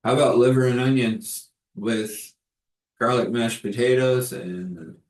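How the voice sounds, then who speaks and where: A man's voice: mid-range voice, a little slow, a little mellow, recorded from a distance, lightly acted. A man putting on a chatty plump diner lady. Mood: friendly. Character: plump older woman running a diner, friendly. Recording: roomy echo.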